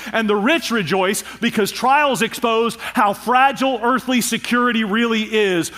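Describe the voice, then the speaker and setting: A pastor preaching a sermon, with emphatic delivery and rhythmic repetition. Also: male voice, high voice, a bit bright. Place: church.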